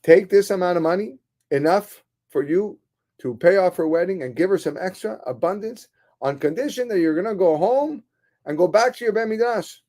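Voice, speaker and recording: A cryptic old stranger who turns out to be the devil, as a preacher puts him on. He talks in a calm, quietly sinister way and keeps his secret until the end. The voice sits fairly high for a man. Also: moderate pace. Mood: generous.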